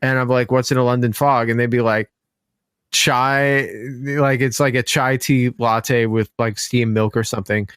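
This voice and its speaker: A woman's voice: extremely low pitch, steady tone, moderate pace, clean tone, no echo, clean studio sound. A young woman co-hosting a podcast in casual chat, a playful storyteller who acts out the conversations she retells. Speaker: podcast co-host.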